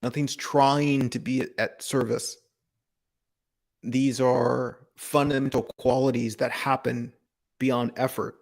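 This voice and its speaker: A man giving a calm, reflective spiritual talk on a live broadcast, asking gentle rhetorical questions. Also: medium pitch, takes it slowly, vocal fry. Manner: calm, contemplative, asks rhetorical questions, laughs softly.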